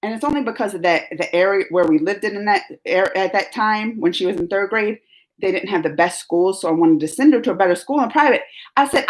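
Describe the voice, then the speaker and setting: A woman's voice: mid-range voice, fast talker. A middle-aged woman telling a long, fired-up story on a live stream, rambling and emphatic.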